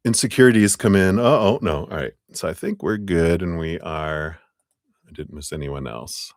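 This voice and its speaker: A deep, gravelly male voice with a dry, close-miked sound. He hosts a live tarot stream and keeps up chatty, apologetic banter as he works through his list, laughing easily. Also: moderate pace, dry recording. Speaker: tarot reader hosting live readings. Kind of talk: casual live-stream chat.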